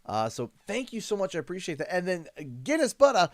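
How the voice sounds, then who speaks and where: Excitable Canadian guy, high voice. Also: fairly quick, no room sound, studio quality. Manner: excitable, thanks donors warmly and often. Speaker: game streamer. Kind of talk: live gameplay stream chat.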